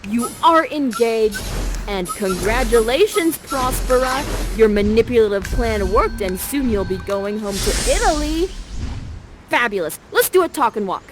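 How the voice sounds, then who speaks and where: A woman's voice: on the high side, animated, a little slow, music in the background, rough recording. A young woman acting as a live interactive theater narrator who guides the audience in a bubbly, casual way, full of "like". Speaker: immersive theater actor guiding the audience.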